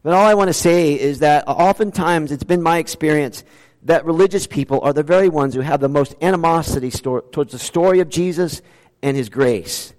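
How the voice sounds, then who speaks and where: A male pastor preaching a sermon, full of rhetorical questions, with sudden rises and drops in pitch and loudness. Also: brisk. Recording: long hall reverb.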